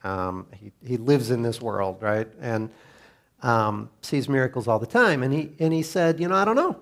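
A man's voice: medium pitch, unhurried. A man co-presenting a church talk, chatty and explaining terms with light humor.

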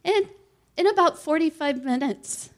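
A woman with a high, light voice tells her testimony earnestly. She speaks with animated, heartfelt storytelling energy. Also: a little slow. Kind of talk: church testimony talk.

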